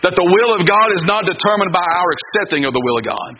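A man's voice: high-pitched, lively intonation, quick pace, a crowd in the background. A man preaching a personal testimony sermon, emphatic, telling a story and calling for amens from the congregation. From North Carolina. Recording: lo-fi phone-like radio broadcast with congregation noise.

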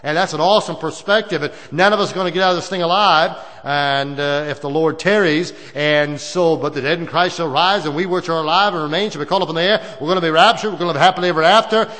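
A man's slightly high, fairly bright voice carries a folksy, rambling Baptist sermon to a congregation, returning again and again to the same phrases, with long church-hall reverb.

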